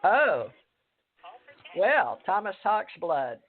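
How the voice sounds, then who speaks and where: A woman hosting a talk radio show, rambling and halting with many fillers. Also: medium pitch, big pitch swings. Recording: tinny phone line.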